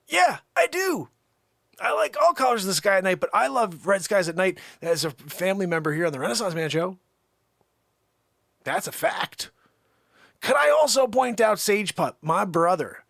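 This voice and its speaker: A man hosting a live stream with a slightly high voice, rambling through effusive shout-outs to his viewers. The sound is dry and close, with no room around it. His casual chat runs loose and upbeat. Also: dry recording. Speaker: livestream host.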